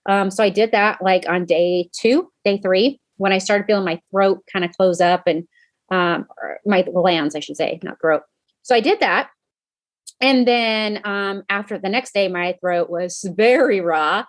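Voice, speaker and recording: A woman of middle pitch hosts a podcast and tells her own story in a loose, conversational way. She talks straight to her audience and keeps correcting herself as she goes. The recording is dry and close, with no room sound. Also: measured pace, dry recording. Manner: chatty, talks straight to listeners as "you guys"; many "um" fillers and self-corrections. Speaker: podcast host and coach. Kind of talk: casual personal storytelling podcast.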